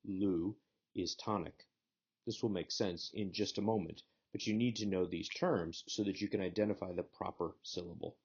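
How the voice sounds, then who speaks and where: A man's voice: deep voice, vocal fry, husky, highs cut off. A man giving a recorded lecture as a Hebrew instructor, explaining grammar rules step by step. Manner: methodical, explanatory teaching.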